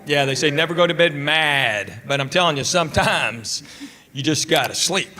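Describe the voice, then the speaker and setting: A man's voice: fairly high pitch, lively intonation, moderate pace. A man doing stand-up comedy and crowd work, with a dry, mock-insulting way of teasing the audience. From Tennessee. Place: live comedy stage. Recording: loud background noise on stage.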